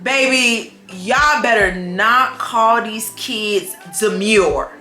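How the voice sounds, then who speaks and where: A young adult woman chatting casually for her vlog, sassy and playful, with animated storytelling and quick asides. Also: on the high side, reverberant, soft background music. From United States. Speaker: vlogger. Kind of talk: casual chat. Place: home room with a dog.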